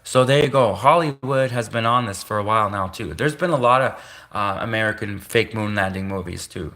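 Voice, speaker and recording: Rambling livestreaming man, bright tone. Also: lowish voice, fairly quick. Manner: rambling, repetitive, conspiratorial, self-interrupting. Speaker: livestream host. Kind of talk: rambling live-stream monologue. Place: home live stream.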